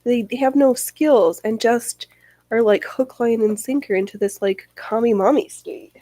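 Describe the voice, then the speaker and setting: Mellow-voiced woman chatting with her stream. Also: a little high, a little slow, dry recording, poor audio. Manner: rambling, reacts to chat comments, swears freely. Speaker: livestream host. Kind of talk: casual chat.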